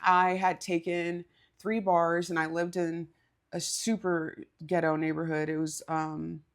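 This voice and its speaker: Gravelly woman telling a story. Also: on the low side, little pitch movement, a little slow. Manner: candid, swearing, laughs while telling. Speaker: podcast co-host. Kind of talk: casual storytelling chat.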